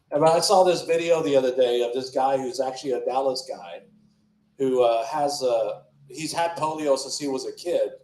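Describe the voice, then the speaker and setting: A man's voice: medium pitch, darkish tone. A man doing a crude, rambling stand-up set at an open mic, often breaking off mid-sentence. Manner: rambling, crude, self-interrupting. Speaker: stand-up comedian. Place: comedy club stage. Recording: echoey club room.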